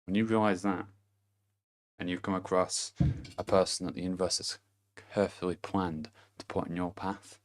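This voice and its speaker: Blunt, swearing man with a low voice. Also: fairly even intonation, moderate pace, long pauses. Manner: blunt and profane, chuckling between points. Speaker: vlogger. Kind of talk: casual motivational monologue.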